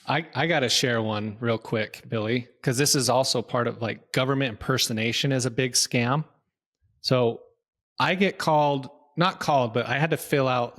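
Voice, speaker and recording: Male podcast co-host, animated storyteller, mid pitch. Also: moderate pace. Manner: animated storyteller, acts out phone callers. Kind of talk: casual conversational podcast chat.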